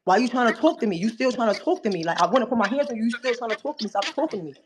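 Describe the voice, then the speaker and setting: A woman with a fairly high voice rattles through a heated story at a brisk clip. She talks bluntly and swears freely, acting out what others said. Faint noise hums behind her. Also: animated. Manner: blunt, profane, fast retelling with acted-out quotes. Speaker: guest on a live audio room. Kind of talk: heated casual talk.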